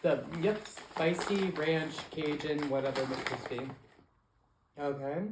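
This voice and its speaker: A man co-hosting a podcast in casual chat, animated and campy with playful slang. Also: a little high, takes it slowly, background noise. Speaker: podcast co-host. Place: room at home, with the co-host across a coffee table. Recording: echoey room.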